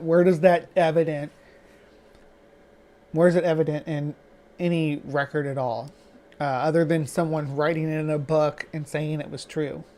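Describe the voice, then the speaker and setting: A man reacting to a video in casual commentary, his voice sitting a little high. He questions every claim, halting and restarting often. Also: warm tone, a little hiss or hum. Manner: skeptical, halting with many restarts.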